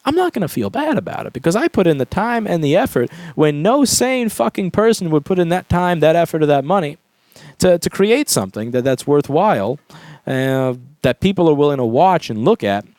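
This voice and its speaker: A man's voice: fairly high pitch, big pitch swings, brisk, darkish tone, no echo. A man who runs a repair shop, giving an emphatic, profane vlog rant. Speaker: repair shop owner and YouTuber. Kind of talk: ranting vlog monologue.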